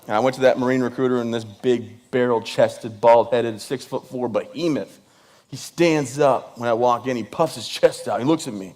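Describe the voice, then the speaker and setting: A veteran guest speaker in his thirties tells funny stories to an audience, laughing at his own jokes and addressing the crowd directly with lots of energy. His voice is mid-range, a little mellow, at a normal speed.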